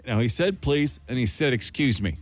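A middle-aged man hosting a radio show, chatting casually with co-hosts, jokey and quick to laugh. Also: mid-range voice, soft background music. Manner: animated, laughs often, jokey. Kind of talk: casual chat.

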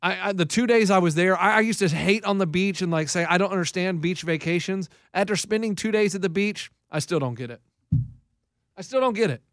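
A man's voice: high voice, fairly quick, no echo, clean studio sound. A young man, a regular host, telling exasperated stories in casual chat. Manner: animated storyteller, exasperated rants. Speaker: show host telling a story.

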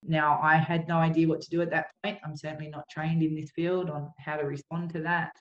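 A woman telling a painful personal story as an interview guest, in an earnest, halting way. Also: low voice, little pitch movement, roomy sound, highs cut off, a little hiss or hum. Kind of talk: emotional personal account.

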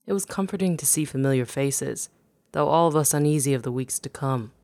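A man narrates a first-person memoir at a middle pitch. His reading is measured and even, with no notable strain or hurry. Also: vocal fry, no echo, studio quality.

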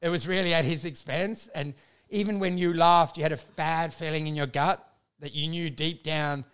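An Australian man, a stand-up comedian, rattles through crude, animated stories in a relaxed podcast chat. His voice sits high for a man. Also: moderate pace, smooth. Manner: profane, animated storytelling.

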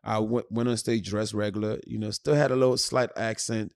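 A middle-aged comedian from Ghana, hosting a casual podcast chat and telling animated stories. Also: male voice, on the low side, a little fast, creaky. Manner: animated storyteller, loud when joking.

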